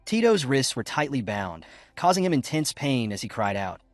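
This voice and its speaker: Lively male recap narrator. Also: mid-range voice, normal speed, hardly any pauses, no room sound, faint music behind. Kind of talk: scripted narration of a comic recap.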